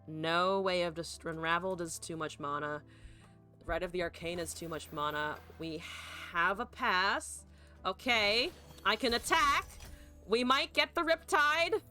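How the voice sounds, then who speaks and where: Woman streamer, lowish pitch and a forceful edge, casual play-by-play talk to chat. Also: measured pace, faint music behind. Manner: thinks aloud, swears, talks to chat. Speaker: card game streamer. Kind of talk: live gameplay commentary.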